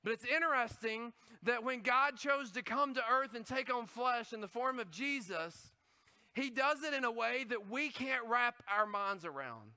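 Guy preaching a chatty sermon, really bright voice, keeps asking the crowd questions. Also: very high voice, normal speed, clear, resonant tone. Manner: animated, conversational, asks the audience questions. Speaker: pastor.

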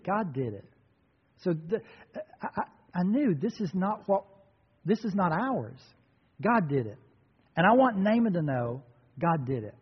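Animated preaching man, husky, echoing hall. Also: a little high. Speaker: pastor. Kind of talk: sermon. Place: church sanctuary. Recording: dull sound in a reverberant hall.

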